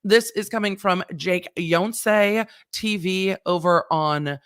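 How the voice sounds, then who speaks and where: A woman's voice: mid-range voice, takes it slowly, fairly bright tone, smooth. Chatty woman lawyer hosting a livestream. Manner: chatty, rambling, swears and laughs often. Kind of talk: casual livestream commentary.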